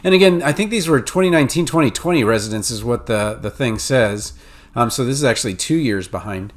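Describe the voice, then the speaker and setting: A man's voice: mid-range voice, lively intonation, a little fast. Chatty man with a Northeast accent. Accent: New England and Mid-Atlantic. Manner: conversational, many fillers and restarts. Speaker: podcast host advising pharmacy students. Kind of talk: casual explanatory monologue.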